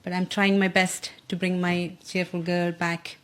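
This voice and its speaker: A mother speaking in a news interview, soft and halting. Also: on the low side, level tone.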